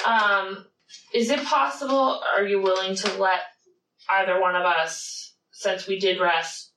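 Woman player, mid-pitch, distant mic, noisy room. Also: fairly even intonation, a little slow, pushed and bright, reverberant. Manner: hesitant, restarts, casual. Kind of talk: tabletop role-play chat.

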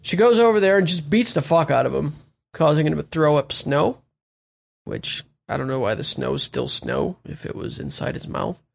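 A man talks through a plot recap in a casual, wry tone. His voice sits a little high and has a gravelly, creaky texture. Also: expressive, moderate pace. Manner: laid-back, plot-summarizing, wry. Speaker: podcast co-host recapping an anime.

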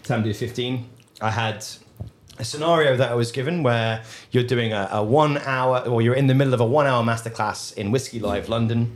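Man telling lively whisky stories. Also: medium pitch, normal speed. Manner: animated, laughing anecdotes with acted quotes. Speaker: whisky brand ambassador, guest. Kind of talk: casual storytelling chat.

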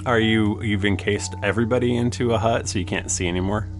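Deep-voiced man running a tabletop game. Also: soft background music. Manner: halting, calm narration with fillers. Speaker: game master.

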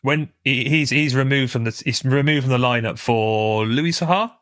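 A man's voice: mid-range voice, moderate pace, fairly bright tone, no echo, clean studio sound. Blunt laid-back man. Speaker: podcast co-host. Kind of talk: casual football chat.

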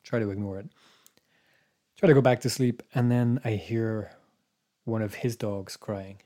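A man's voice: lowish voice, fairly even intonation, a little slow, warm tone. A man, a podcast co-host telling a story in casual chat, meandering and hesitant, dropping to a whisper for his own thoughts.

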